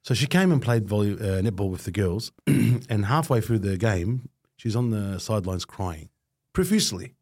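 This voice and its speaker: Aussie podcast host, husky, dry close sound, relays a story casually. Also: male voice, lowish voice, lively intonation, moderate pace, a little mellow, no echo. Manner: responsive, frequent short interjections.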